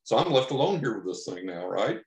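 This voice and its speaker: A man from Texas telling a long personal story as a podcast guest, animated, acting out the lines he quotes. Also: fairly low pitch, brisk. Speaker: podcast guest, psychic investigator. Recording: roomy echo.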